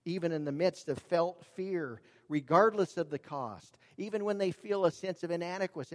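A man preaching a sermon, earnest and emphatic, dropping his voice low and raising it for emphasis. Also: normal speed, few pauses. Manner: earnest, emphatic, varies volume for drama. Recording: long reverb of a large hall.

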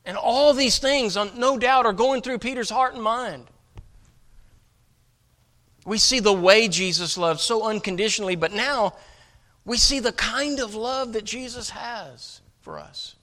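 A man's voice: high-pitched, measured pace, sharp tone. A man preaching a sermon, emphatic and often repeating his words as he presses each point. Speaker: pastor.

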